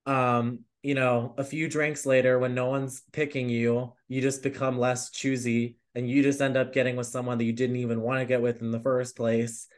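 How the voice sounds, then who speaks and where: Young man, casual chat, rambling, animated, mid pitch. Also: normal speed, few pauses. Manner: rambling, heavy filler words, animated. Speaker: podcast co-host.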